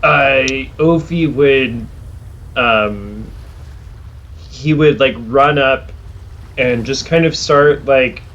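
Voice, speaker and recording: A man's voice: medium pitch, very slow, long pauses, fairly bright tone, dull audio. A man playing a tabletop game, describing his character's actions in a rambling way full of "like". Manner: rambling, heavy use of "like". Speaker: player.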